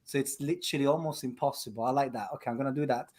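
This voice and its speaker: A man on a headset making sales calls and joking with a co-host, quick and self-mocking. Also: medium pitch, a little mellow. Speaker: sales trainer cold calling on a stream. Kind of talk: casual banter and sales calls.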